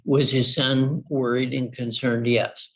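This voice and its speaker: A man with a husky voice answering back in a courtroom dispute. He gives his rebuttal briskly, asking rhetorical questions and answering them himself. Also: mid-range voice, level tone, rough recording. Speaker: opposing party in a courtroom dispute.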